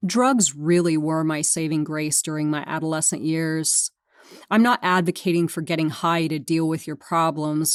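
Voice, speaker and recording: A low-voiced woman reads her memoir as an audiobook, speaking frankly and with a sardonic, dry wit. The recording is close and completely dry, with no room sound. She is from California. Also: no echo. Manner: frank, sardonic, dryly funny. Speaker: memoir narrator.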